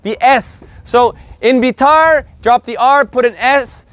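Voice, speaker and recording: High-voiced, joking man teaching a class. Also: slow, no echo. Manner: energetic, joking, profane. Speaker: Spanish teacher. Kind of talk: live group language lesson.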